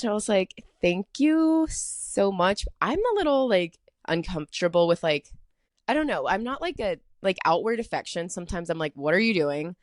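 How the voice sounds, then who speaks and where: A young woman hosts her podcast alone, rambling through a personal story and filling every pause with "like". Her voice sits a little low for a woman. The sound is dry and close, with no room in it. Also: dry recording. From Atlanta, US. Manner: chatty, rambling, heavy filler "like". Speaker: podcast host. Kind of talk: casual solo storytelling.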